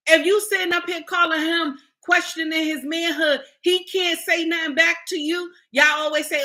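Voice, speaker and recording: A woman's voice: very high-pitched, steady tone, moderate pace, hardly any pauses, pushed and bright. A middle-aged woman content creator, lecturing and scolding her viewers in a blunt, preachy commentary. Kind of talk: livestream commentary rant.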